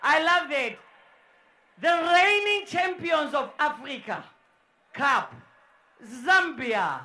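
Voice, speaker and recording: A woman MCs a live sports event in an indoor dome. She speaks slowly, with a bright, piercing tone. She hypes the crowd with loud, repeated shouts. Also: high voice, very animated. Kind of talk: live crowd hype and welcome speeches.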